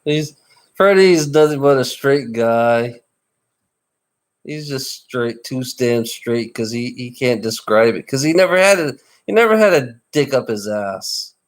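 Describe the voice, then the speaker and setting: A man of middle pitch, talking in a loose, casual chat. He rambles and teases, circling back over his words with frequent restarts. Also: lively intonation, measured pace. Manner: rambling and teasing, with many repeated restarts.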